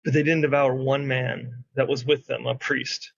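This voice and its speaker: A man's voice: mid-range voice, flat delivery, moderate pace, vocal fry, husky, highs cut off. A man playing a tabletop game, pressing with repeated, probing questions. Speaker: player. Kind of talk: tabletop game play over voice chat.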